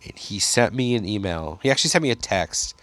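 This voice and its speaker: Bright-voiced young man telling animated stories. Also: lowish voice, fairly quick, dry recording, studio quality. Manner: animated storyteller, mimics people he quotes. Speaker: stand-up comedian guest. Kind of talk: casual podcast chat. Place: Chicago.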